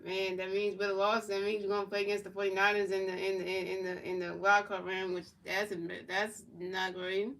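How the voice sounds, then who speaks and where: A woman's voice: mid-range voice, flat delivery, fairly quick, few pauses, a bit bright, far from the mic. A woman from Philadelphia streaming a football video game, calling plays and chatting casually with viewers, often repeating and restarting her phrases. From Philadelphia, USA. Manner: repetitive, restarts phrases, casual chat-reading. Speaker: gaming streamer.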